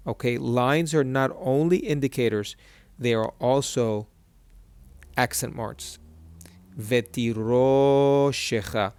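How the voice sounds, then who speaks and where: A man teaching a reading lesson at a board, patiently repeating each syllable slowly. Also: medium pitch, a little mellow. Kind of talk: whiteboard lesson.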